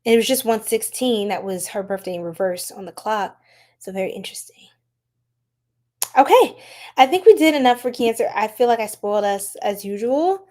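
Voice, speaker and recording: Pitched fairly high and moving at a brisk clip, this US woman chats animatedly with her audience during a casual live-streamed tarot session, laughing often as she goes.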